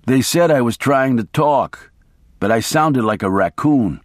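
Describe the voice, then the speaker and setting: A man voicing a reckless, foul-mouthed male lawyer who talks in a slow, blunt, emphatic way. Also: mid-range voice, animated, no echo, studio quality, close to an everyday voice. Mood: boasting. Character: wild-talking male lawyer, reckless and coarse.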